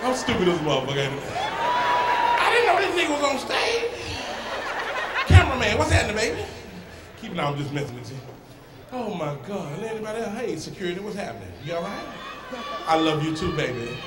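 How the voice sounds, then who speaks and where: A male stand-up comedian roasting the crowd on stage, loud and teasing, shouting his punchlines at the audience. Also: high-pitched, huge pitch swings, fairly quick, heavy background noise. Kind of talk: stand-up routine with crowd work. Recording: live club recording, roomy, loud crowd. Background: loud audience laughter.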